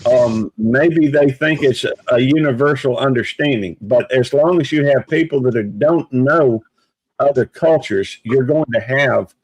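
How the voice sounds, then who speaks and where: A man in casual live-stream chat, talking in a measured, hesitant way with many fillers. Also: medium pitch, breathy edge, no room sound, poor audio. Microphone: video call.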